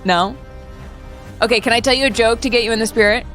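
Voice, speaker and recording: A woman's voice: fairly high pitch, fast, a bit bright, faint music behind. A woman co-hosting a casual sports chat in a playful, jokey way. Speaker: co-host.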